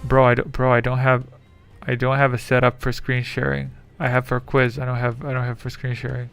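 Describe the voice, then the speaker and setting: A man's voice: medium pitch, completely flat delivery, a little fast, gravelly, a bit bright, smooth, faint music behind. A man streaming live, rambling in casual chat, swearing freely and reading viewers' messages aloud.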